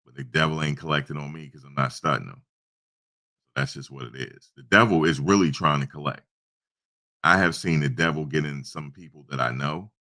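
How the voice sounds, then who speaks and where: A man's voice: a bass voice, fairly quick, sharp tone. A man hosting a casual livestream, telling a story and talking in a conversational, repetitive way with preachy asides. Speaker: YouTube livestream host.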